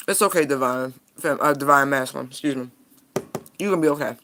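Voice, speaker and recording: Blunt, bright-voiced woman tarot reader. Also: very deep voice, fast, a little hiss or hum. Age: adult parent. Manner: blunt and frank, laughing often. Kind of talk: casual tarot reading commentary.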